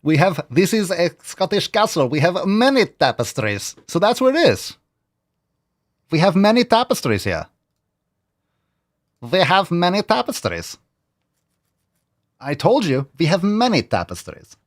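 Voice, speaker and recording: A man's voice: high-pitched, big pitch swings, unhurried, long pauses, dry recording, studio quality, voice pushed up. A man putting on a stiff mock foreign accent as a proud male castle keeper boasting about his tapestries. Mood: boastful.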